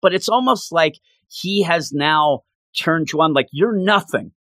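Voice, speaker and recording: A man with a slightly high voice talks casually as a co-host, retelling a story with feeling and acting out the characters' lines. The recording is dry and close, with no room sound. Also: expressive, measured pace, pushed and bright, dry recording. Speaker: podcast co-host recapping a game. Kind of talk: casual chat.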